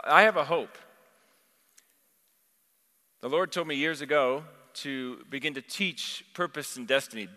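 Impassioned preacher in a reverberant hall. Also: male voice, mid-range voice, sharp tone. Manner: impassioned storytelling, quoting scripture. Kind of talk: sermon.

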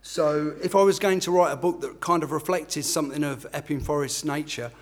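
A man's voice: fairly high pitch, fairly even intonation, a little fast. A middle-aged man, an author from England, giving a self-deprecating talk with filler ums and then reading a passage from his book.

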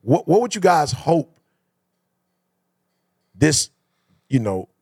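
A man's voice: a little high, sing-song, slow pace, darkish tone, husky, no room sound, studio quality. A man hosting a casual conversation, asking reflective questions. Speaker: host.

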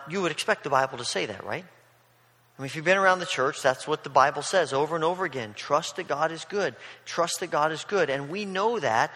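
Bright-voiced preacher in a reverberant hall. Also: male voice, on the high side. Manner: storytelling, paraphrasing scripture in casual voices. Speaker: pastor. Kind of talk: sermon.

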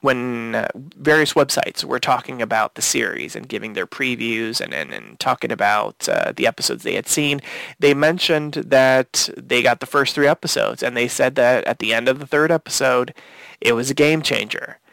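A man's voice: mid-range voice, animated, normal speed, vocal fry, fairly bright tone, no room sound. A man co-hosting a casual podcast, recapping a TV episode scene by scene and retelling the dialogue with quotes. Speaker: podcast co-host.

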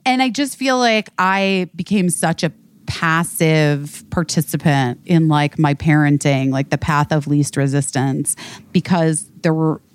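A woman's voice: low-pitched, fairly even intonation, a little slow, smooth. A woman in her thirties co-hosting a candid casual chat, rambling and emotional, and swearing freely. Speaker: podcast co-host.

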